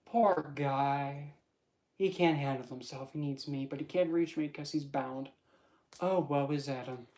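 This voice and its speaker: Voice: medium pitch, a little slow, dark tone, lightly acted. A tarot vlogger voicing a mocking temptress woman who taunts a bound man with overdramatic sighs. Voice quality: theatrical, overdramatic sighing.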